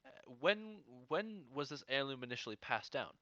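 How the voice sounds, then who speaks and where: Brief: playful man gamer, very lively pitch, bright tone, dry close sound. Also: dry recording, highs cut off. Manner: animated, joking, quick to interrupt. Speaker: tabletop game player. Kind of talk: casual in-character chat.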